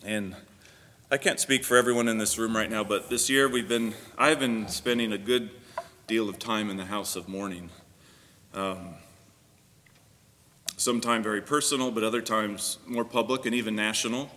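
A man's voice: fairly low pitch, fairly even intonation, normal speed, pushed and bright. A man pastor giving a sermon, praying and then preaching earnestly with frequent fillers. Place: church sanctuary. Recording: long reverb of a church hall.

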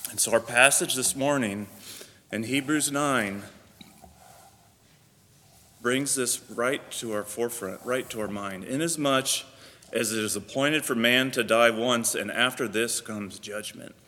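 A man's voice: mid-range voice, unhurried, pushed and bright, slight background noise. A man pastor giving a sermon, praying and then preaching earnestly with frequent fillers. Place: church sanctuary. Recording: long reverb of a church hall.

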